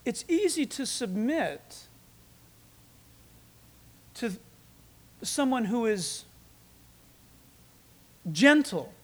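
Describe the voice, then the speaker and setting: A man with a high voice preaches a sermon as pastor. He builds to loud, emphatic peaks, then drops to quiet, close asides to the congregation. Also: very animated, drawn-out words, long pauses.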